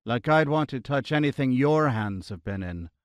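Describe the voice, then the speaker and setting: A man voicing a spirited young male swordsman who speaks with a faint Irish accent, slightly high-pitched and complaining. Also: lively intonation, moderate pace, no room sound, lightly acted. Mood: huffy. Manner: complaining, huffy.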